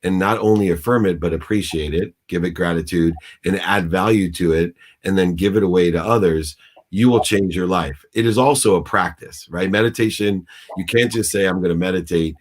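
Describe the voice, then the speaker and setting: Appearing as a business coach guest over a video call, a man with a low voice and moderate pace recounts a personal story. His animated interview storytelling is intense and preachy, and he performs the shouting in his quotes.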